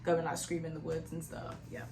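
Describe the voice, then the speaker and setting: A woman's voice: low voice, monotone, fast talker, creaky. A woman, a podcast guest chatting in a bubbly way and laughing easily. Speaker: guest, hiking group founder. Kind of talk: casual podcast chat. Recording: roomy, faint background noise.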